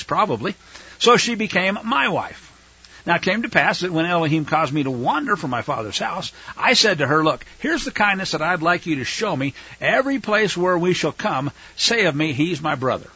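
A man's voice: high-pitched, sharp tone, slightly rough. A man teaching through a Bible passage verse by verse, reading it aloud, explaining Hebrew words and adding casual, chatty asides. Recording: dull lo-fi recording.

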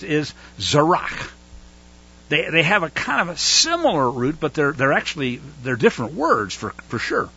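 A man teaching scripture in a casual, animated way, his pitch leaping high and swooping back down. His voice is bright and a little husky. The recording sounds dull and lo-fi. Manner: animated, acts out whining voices. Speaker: Torah teacher. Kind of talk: casual Bible study teaching.

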